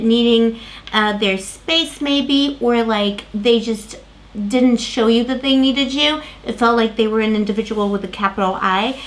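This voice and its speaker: A woman giving a tarot reading to camera, rambling with many fillers and restarts while losing her voice. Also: fairly high pitch. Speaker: tarot reader.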